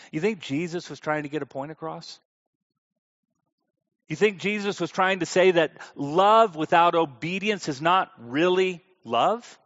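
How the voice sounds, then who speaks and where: A man's voice: high-pitched, fairly bright tone, lo-fi sound. A man preaching a sermon in an emphatic, conversational way, putting questions to his listeners. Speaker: preacher teaching a Bible class.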